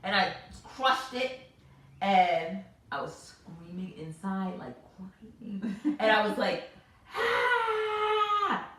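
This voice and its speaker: A woman in her thirties, hosting a casual chat and telling stories in an animated, expressive way. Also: mid-range voice, takes it slowly. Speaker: host. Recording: echoey room, mic far off.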